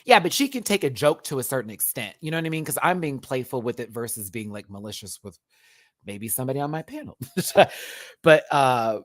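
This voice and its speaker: A man's voice: medium pitch, lively intonation, a little fast, a bit bright, no room sound, studio quality. A man reviewing a drag competition show in a livestream, sassy and campy, full of slang and frequent laughter, talking straight to viewers. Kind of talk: casual livestream commentary.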